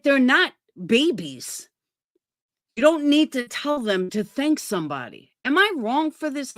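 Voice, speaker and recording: Brash woman streamer ranting to chat, higher voice, dry mic. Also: fairly bright tone, no echo. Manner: blunt, profane, rhetorical questions. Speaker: livestream host. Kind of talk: casual livestream commentary.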